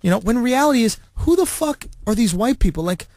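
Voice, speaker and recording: A man's voice: extremely high pitch, lively intonation, a little mellow, no echo. A man co-hosting a casual podcast, joking and cursing as he argues. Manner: rapid, joking, profane. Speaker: podcast co-host.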